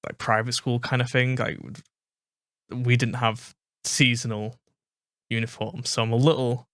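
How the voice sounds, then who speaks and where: A man's voice: medium pitch, flat delivery, unhurried, fairly bright tone, no room sound, clean studio sound. A man from Manchester with a British English accent, hosting a reaction video, musing aloud and second-guessing himself as he repeats words. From Manchester, England. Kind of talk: casual commentary over a clip.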